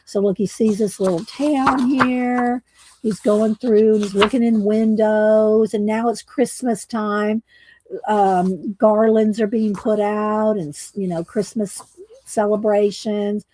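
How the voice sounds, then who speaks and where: A woman's voice: medium pitch, fairly even intonation, slow pace, warm tone, slight background noise. Chatty woman hosting a coloring stream. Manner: rambling, many fillers and restarts, chuckles. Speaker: coloring livestream host. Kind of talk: casual chat while coloring.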